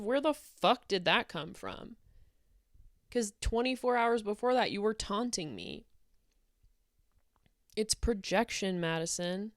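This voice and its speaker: A woman's voice: medium pitch, no room sound, clean studio sound. A woman delivering a heated, sarcastic rant to camera, blunt and swearing often. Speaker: YouTube commentator.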